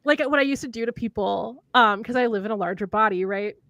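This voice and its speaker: A young woman with a mid-range voice talks quickly while hosting a casual livestream chat, animatedly telling stories and laughing often. There's no echo, though the highs are cut off.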